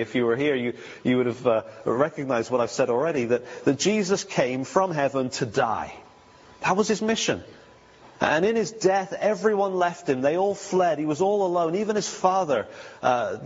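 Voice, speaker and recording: A man gives a sermon in a relaxed, conversational way, stopping to restart phrases and asking his listeners questions. His voice sits a little high and sounds husky. The recording is muffled and lo-fi, with a long reverb from a large hall. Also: moderate pace. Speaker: preacher.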